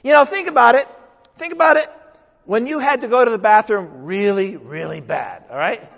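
An older man from New England, a pastor preaching a sermon in a church with folksy, joking, animated delivery. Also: high-pitched, moderate pace, vocal fry. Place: church sanctuary. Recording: dull sound in a long-echo hall.

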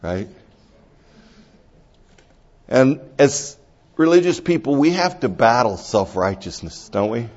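A middle-aged pastor preaches a sermon, swinging between slow, hushed prayer and loud, high-pitched, excited exhortation. The recording's high frequencies are cut off.

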